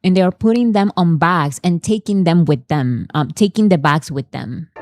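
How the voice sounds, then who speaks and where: A woman's voice: on the low side, moderate pace, darkish tone, slight background noise. A woman hosting a casual commentary, translating fan clips in a chatty way with fillers and restarts. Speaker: host.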